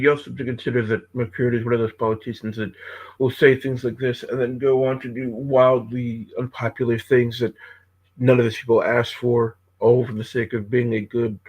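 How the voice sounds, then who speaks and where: A man's voice: medium pitch, level tone, fairly quick, darkish tone, slightly rough, low-quality recording. A man from Pennsylvania co-hosting a podcast, level and matter-of-fact. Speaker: podcast co-host. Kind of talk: casual commentary.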